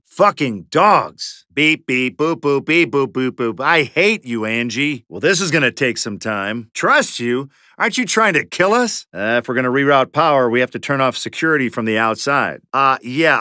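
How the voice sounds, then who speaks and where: A middle-aged actor voicing a sarcastic, profane mercenary in a zombie shooter game, firing off sardonic quips. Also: male voice, medium pitch, bright, forceful tone, no echo, studio quality. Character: sarcastic, foul-mouthed male mercenary in a zombie fight. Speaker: video game character. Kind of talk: game voice lines.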